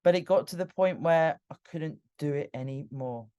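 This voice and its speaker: A woman's voice: sits low, moderate pace, warm tone, smooth. A British woman hosting a podcast, candidly telling her own story in an emotional monologue. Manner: candid and emotional, with frequent restarts. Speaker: podcast host.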